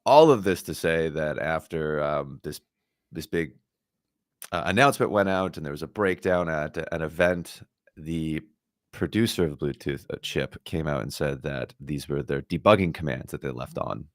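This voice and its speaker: A man's voice: rumbling low, normal speed, dry recording, studio quality. A man co-hosting a tech podcast, upbeat and casual, laughing often as he talks through the news. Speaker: podcast co-host.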